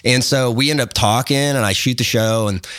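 At medium pitch and moderate pace, a guest photographer spins a long podcast story in casual interview style, heard in clean studio sound with no echo. He rambles, restarts and fills pauses, animatedly playing the other people as he retells it.

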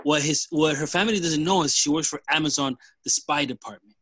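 A man with a bright, forceful voice pitched a little high, talking through a story idea in a casual group brainstorm. He rambles and restarts as he goes, and the sound is close and dry. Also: brisk, no room sound. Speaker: brainstorming a movie plot.

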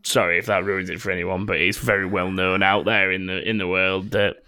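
A man's voice: low voice, flat delivery, fairly quick, sharp tone, smooth, no room sound, clean studio sound. A man hosting a casual gaming news chat, rambling with many ums and restarts. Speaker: podcast host.

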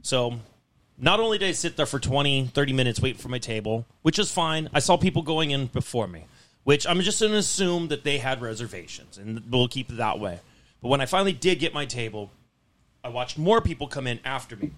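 A man's voice: mid-range voice, lively intonation, a little fast, fairly bright tone. A young man hosting a podcast, ranting in a casual, exasperated way and swearing constantly. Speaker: podcast host.

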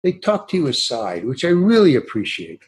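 A man's voice: medium pitch, huge pitch swings, moderate pace. Older man telling rambling anecdotes. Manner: rambling anecdotes with many restarts, acting out quoted dialogue. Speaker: guest actor. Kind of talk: casual storytelling interview.

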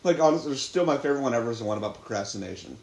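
Young male co-host, from Ohio, mid-pitched, chatty rambler, roomy recording. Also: animated, racing, a little mellow. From Ohio, USA. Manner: rambling, filler-heavy storytelling. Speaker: podcast co-host. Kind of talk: casual chat. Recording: roomy echo.

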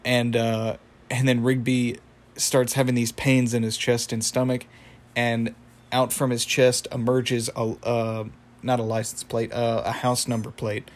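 A man's voice: mid-range voice, completely flat delivery, unhurried. A young man casually recapping a cartoon episode, rambling with lots of fillers and chuckling at the story. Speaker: show recapper.

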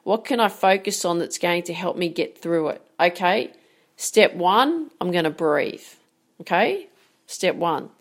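A woman's voice: lowish voice, animated, unhurried. A woman, talking straight to her audience as a sports mindset coach, earnest and emphatic, with frequent rhetorical questions. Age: 40s. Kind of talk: direct-to-camera coaching talk.

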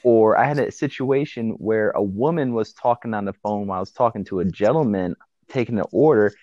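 Man, casual storyteller acting out customer quotes, lowish voice, dull lo-fi recording. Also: brisk, warm tone, no room sound. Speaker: guest co-host. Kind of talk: casual chat.

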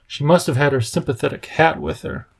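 A man's voice: a little high, vocal fry. A man doing a grave, worried professor. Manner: measured, grave, sometimes bitter. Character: worried, earnest older male professor.

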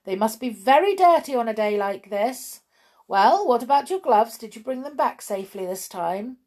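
A woman's voice: a little high, expressive, moderate pace, a little mellow, voice pushed up. A woman voicing a strict, vexed mother who scolds her forgetful daughter. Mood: scolding. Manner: firm and scolding.

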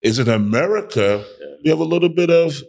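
A man's voice: a little high, a little fast, creaky. A man who is a pastor and guest on a casual panel conversation, telling stories and acting out quotes. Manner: animated storyteller who acts out quotes.

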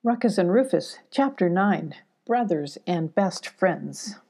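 Mellow-voiced woman reading a children's story. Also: expressive, slow. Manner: gentle storytelling, lifting her pitch for animal characters' lines. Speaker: audiobook reader.

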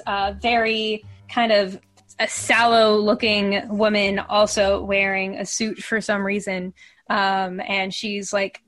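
Woman game master narrating a tabletop game, rambling with fillers, mid pitch. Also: a bit bright. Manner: rambling, filler-heavy descriptions.

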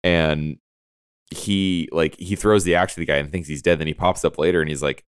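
A man's voice: very deep voice, steady tone, moderate pace, clear, resonant tone, no room sound, clean studio sound. A man co-hosting a casual movie podcast, enthusiastic, laughing often and acting out quotes. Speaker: podcast co-host.

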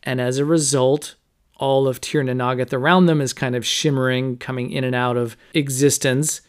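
A man's voice: mid-range voice, steady tone, moderate pace, clear, resonant tone. A man hosting a podcast, casually recapping a book's chapters with lots of "you know" and "like". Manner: conversational, many fillers like "you know" and "like". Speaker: podcast host. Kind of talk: casual book recap with read-aloud quotes.

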